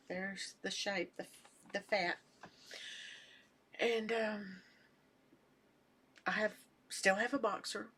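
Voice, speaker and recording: An older woman chatting casually at home as a knitting vlogger, rambling and soft-spoken, sometimes trailing off into near-whispers. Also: mid-range voice, slight background noise. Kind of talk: casual chat.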